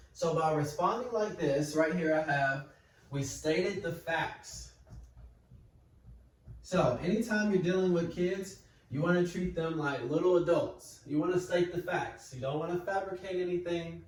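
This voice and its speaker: A man explaining parenting steps in a calm, patient, step-by-step way, like a teacher at a whiteboard. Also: a little high, unhurried. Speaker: parenting educator. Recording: echoey room, mic far off.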